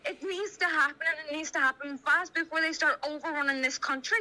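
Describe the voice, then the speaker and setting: A woman's voice: sits high, fairly quick, hardly any pauses, sharp tone, low-quality recording. Agitated Dublin woman on speakerphone. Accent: Irish (Dublin). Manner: rambling, restarts, retells quoted dialogue. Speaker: caller. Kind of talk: agitated phone account. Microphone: phone on speaker.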